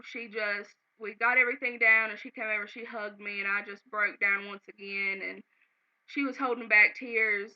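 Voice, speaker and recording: A woman telling a personal story to her camera at home, earnest and sometimes close to tears. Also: mid-range voice. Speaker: vlogger. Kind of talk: casual emotional storytelling to camera. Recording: slightly dull, lo-fi home video.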